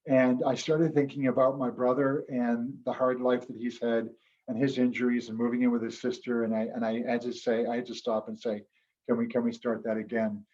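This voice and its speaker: A man's voice: mid-range voice, flat delivery, brisk, a little mellow, highs cut off. Earnest man telling his story. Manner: earnest, reflective, occasionally emotional. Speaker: guest speaker, former quiz show champion. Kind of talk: storytelling talk at an online club meeting.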